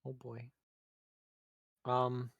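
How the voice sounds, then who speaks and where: A player in a tabletop game who talks hesitantly, with lots of fillers, and sounds expressive. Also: mid-range voice, drawn-out words, gravelly, slightly rough, dry recording, highs cut off. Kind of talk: casual tabletop play.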